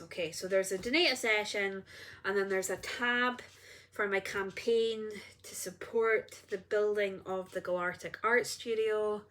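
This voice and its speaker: A woman's voice: medium pitch, fairly even intonation, unhurried, a bit bright. A woman, an energy healer, talking casually and earnestly to her viewers, rambling and interrupting herself. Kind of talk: casual spiritual vlog.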